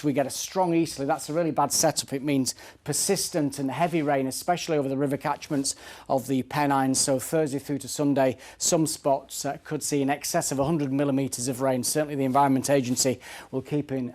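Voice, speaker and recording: A man presenting the TV weather forecast in a brisk, upbeat, conversational way from a studio. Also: on the high side, steady tone, a little mellow.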